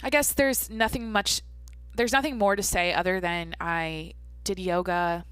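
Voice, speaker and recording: A woman's voice: fairly low pitch, fairly even intonation, unhurried, a bit bright, clean tone, dry recording. A young adult woman hosting a casual solo podcast, rambling and swearing casually as she talks to herself. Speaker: podcast host.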